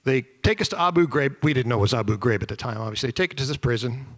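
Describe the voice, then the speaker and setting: A middle-aged man telling his story to an audience, animated and self-deprecating, acting out shouted quotes. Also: mid-range voice, very fast. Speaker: former POW giving a talk. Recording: reverberant hall.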